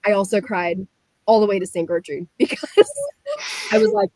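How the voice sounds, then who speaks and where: Animated young woman from the Midwest. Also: medium pitch, moderate pace, long pauses, no echo, poor audio. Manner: animated, frequent "like" fillers, laughs while telling. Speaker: guest. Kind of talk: casual storytelling.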